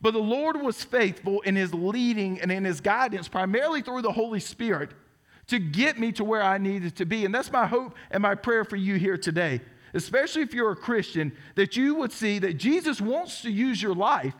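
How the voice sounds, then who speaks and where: A man's voice: sits high, lively intonation, moderate pace, a bit bright. A man in his thirties with a Southern US twang, preaching a sermon as teaching pastor, telling stories with earnest, self-deprecating humor. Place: church sanctuary.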